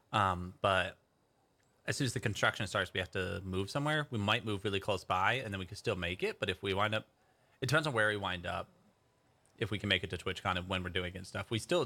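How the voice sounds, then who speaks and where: Young guy streaming from home, low-ish voice but bright and forceful, just rambling to chat. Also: fast talker. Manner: chatty, rambling, thinks aloud. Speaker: livestreamer. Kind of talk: casual chat with stream viewers.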